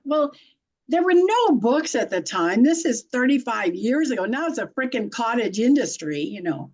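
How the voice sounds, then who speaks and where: A woman's voice: a little high, big pitch swings, normal speed, darkish tone, rough recording. A middle-aged woman telling stories in a blunt, folksy way, laughing often as she talks. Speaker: guest, intuitive and animal communicator. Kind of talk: conversational storytelling.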